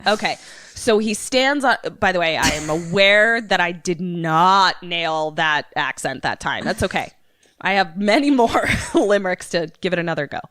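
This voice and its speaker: A woman co-hosting a podcast, casually retelling a movie plot with swearing and animated character voices. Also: on the low side, normal speed, no room sound, studio quality. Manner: animated storyteller, acting out characters' lines. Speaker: podcast co-host.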